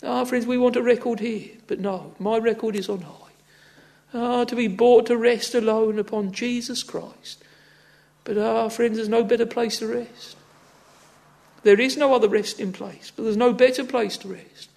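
High-voiced gravelly male preacher. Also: fairly even intonation, normal speed, a little mellow. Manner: earnest, exhorting, with frequent "ah, friends" and "oh". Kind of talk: sermon.

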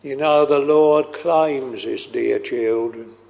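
A man preaching a slow, earnest sermon, tender and pleading as he quotes hymns. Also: medium pitch, creaky, darkish tone. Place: church. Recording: long reverb of a large hall.

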